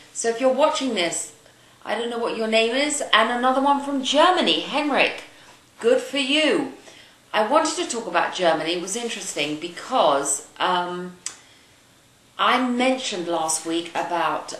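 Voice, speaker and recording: A woman's voice: mid-range voice, fairly bright tone. Indignant cockney woman ranting. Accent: Cockney London. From London, England. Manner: indignant, blunt, swears casually. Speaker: video blogger. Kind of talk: ranting to camera. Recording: echoey room, faint ambient noise.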